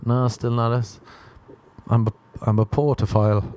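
Young male podcaster, warm mid-range voice, loose rambling crude comedy delivery with frequent chuckles. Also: mid-range voice, normal speed. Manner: crude, meandering, chuckles at own jokes. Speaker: podcast host.

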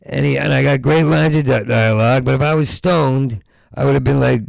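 A man doing a rambling stand-up comedy set, stuttering through restarts and breaking into loud rants. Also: medium pitch, normal speed, vocal fry, dry recording, clean studio sound.

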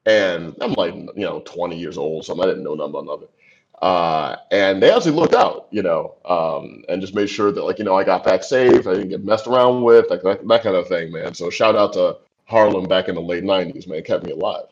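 A man in his forties, a screenwriter being interviewed, tells a long story in a relaxed, chatty way. His voice sits on the low side, and he keeps filling it with asides and laughs. The recording is muffled and lo-fi. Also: brisk. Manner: loose and chatty, many "like" and "you know" asides, laughs easily. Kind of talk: casual storytelling. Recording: dull lo-fi recording.

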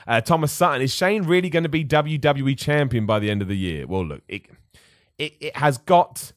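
A man's voice: on the low side, dry recording, clean studio sound. A man from England, hosting a casual live podcast and answering viewer questions in an upbeat, chatty way. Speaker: podcast host. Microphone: studio microphone.

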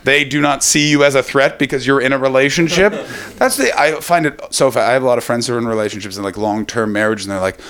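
A man's voice: medium pitch, fast talker, a bit bright. A young adult man doing a comic storytelling monologue, swearing often, laughing at his own jokes and slipping into quoted voices.

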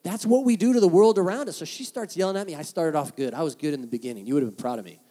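A man preaching a sermon as the pastor, telling stories in an animated way and acting out the voices of people he quotes. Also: on the high side, very fast.

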